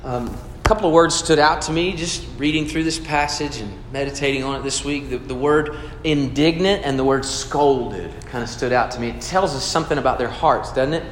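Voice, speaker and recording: A man's voice: medium pitch, fairly quick, few pauses, slight background noise. A pastor preaching a sermon in an earnest, conversational way, asking his listeners questions. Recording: echoey hall with long reverb.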